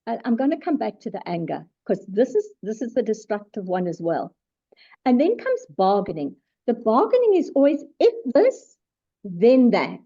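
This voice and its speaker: Animated woman. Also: on the high side, moderate pace. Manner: animated, emphatic, self-deprecating asides. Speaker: psychologist. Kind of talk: webinar talk. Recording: dull lo-fi webinar audio.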